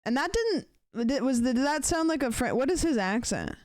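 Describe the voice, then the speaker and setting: A woman streamer chatting casually with her live viewers, rambling and thinking out loud with lots of fillers. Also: sits high, big pitch swings, a little fast, no room sound. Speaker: livestreamer.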